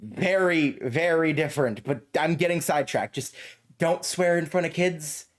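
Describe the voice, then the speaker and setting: A man playing in a tabletop game, lively and lecturing, laughing often. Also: on the high side, normal speed. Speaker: player.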